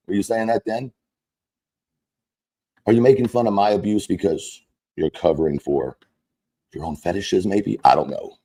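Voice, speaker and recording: A man's voice: low-pitched, warm tone, husky. A man delivering an angry, profane, mocking rant as a content creator. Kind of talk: angry ranting monologue.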